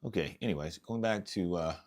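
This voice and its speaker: Low-voiced man musing through a live stream. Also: fairly quick, darkish tone. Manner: thinking aloud, trailing off. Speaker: RC hobby channel host. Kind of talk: casual live unboxing chat. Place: home.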